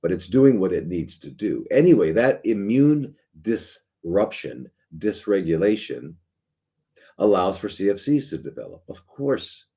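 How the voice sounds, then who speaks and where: A man's voice: low voice, big pitch swings, a little slow, mellow, slightly rough. A middle-aged man, a doctor hosting a live show, talking casually in a sarcastic, rambling way with many restarts and fillers.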